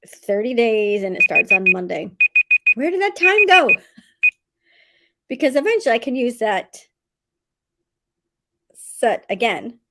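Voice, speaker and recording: A woman hosting a casual livestream, reading out viewer comments from home, laughing often and going high-pitched when excited. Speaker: livestream host of writing sprints.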